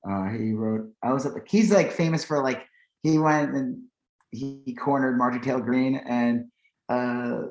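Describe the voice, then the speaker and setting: A man's voice: medium pitch, unhurried, a little mellow, echoey room, rough recording. A man co-hosting a podcast, ranting in heated, profane casual chat about politics. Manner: heated, profane, reads posts aloud. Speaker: podcast co-host.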